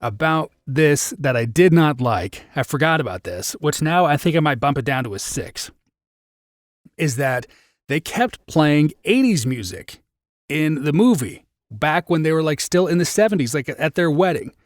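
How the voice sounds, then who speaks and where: A man's voice: a little high, animated, normal speed, dry recording. Chatty young man, dry close sound. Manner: rambling, chatty, lots of "like" fillers. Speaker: podcast host. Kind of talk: casual live-stream movie review.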